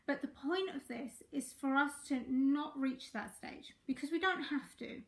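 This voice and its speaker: Croaky-voiced woman coaching on a live stream. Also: high voice, unhurried, echoey room. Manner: warm greetings to viewers, chatty with fillers. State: croaky throat. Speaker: life coach.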